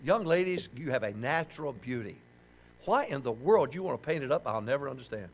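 A man's voice: medium pitch, a little fast. An older man preaching a sermon, joking and calling on the congregation to answer back. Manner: joking, animated, call-and-response with the congregation.

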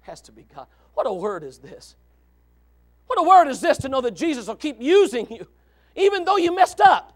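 A man preaching a sermon, moving from quiet asides to shouted exclamations and reading scripture aloud. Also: very high-pitched, big pitch swings, normal speed. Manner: reads scripture in old-fashioned wording. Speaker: pastor. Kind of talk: fiery sermon.

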